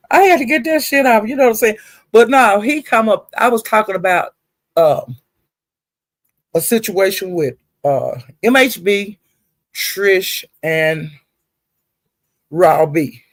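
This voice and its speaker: Gravelly woman ranting, profane and animated. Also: fairly low pitch, no echo. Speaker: livestreamer. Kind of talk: casual storytelling rant.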